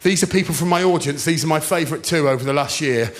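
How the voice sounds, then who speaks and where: A middle-aged man doing stand-up, telling stories animatedly and shouting his punchlines. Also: fairly high pitch, fast talker. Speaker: stand-up comedian. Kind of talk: stand-up storytelling.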